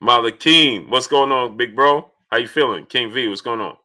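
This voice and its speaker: A man's voice: mid-range voice, normal speed. A man hosting a casual live stream, reading out viewer names to greet them and arguing his points. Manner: reads out viewer names and greets each one; grows loud and insistent when arguing.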